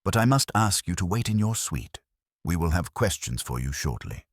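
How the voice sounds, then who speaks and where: Deep-voiced guy doing a no-nonsense inspector, matter-of-fact, husky low voice. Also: very animated, normal speed, no echo, studio quality. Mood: firm. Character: brisk male police inspector, practical and firm.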